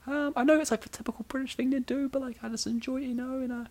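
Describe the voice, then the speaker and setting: A man voicing a prim high-pitched British lady, halting and full of fillers, as a podcast comedy bit. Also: fairly even intonation, a little mellow. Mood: prissy.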